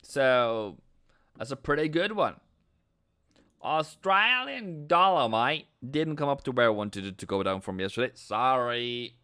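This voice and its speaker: With a sing-song, mid-range voice, this Norwegian forex stream host offers casual live commentary at a measured pace. His tone is sharp, clear, and resonant, and he playfully chats with viewers while breaking into silly sound effects.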